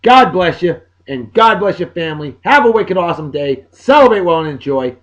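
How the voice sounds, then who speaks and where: A middle-aged man, hosting a casual podcast and giving exuberant, folksy birthday shout-outs. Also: high voice, lively intonation, normal speed, few pauses, dull audio. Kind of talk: casual chat.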